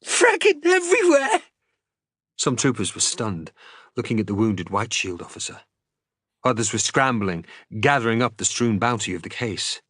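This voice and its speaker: A man reading a novel aloud in an expressive, dramatic audiobook style as a streamer. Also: on the low side, normal speed, no echo, studio quality.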